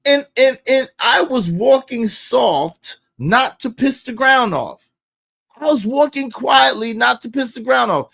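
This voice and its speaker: A man telling a personal story in profane street slang, swinging between low mutters and loud outbursts. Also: big pitch swings, a little slow, gravelly. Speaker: podcast storyteller. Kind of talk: animated storytelling.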